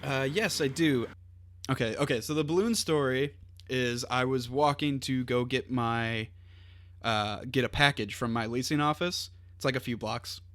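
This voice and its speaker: A young man, a podcast guest, telling stories in casual chat, animated and laughing often. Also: medium pitch, normal speed, no echo. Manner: animated storyteller, laughs through his stories. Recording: noisy background hiss.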